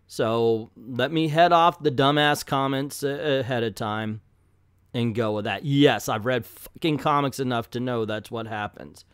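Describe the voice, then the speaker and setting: A man's voice: medium pitch, measured pace, clear, resonant tone, dry recording, studio quality. A man with a slight Southern drawl, ranting bluntly and profanely as a comic book reviewer in an exasperated vlog.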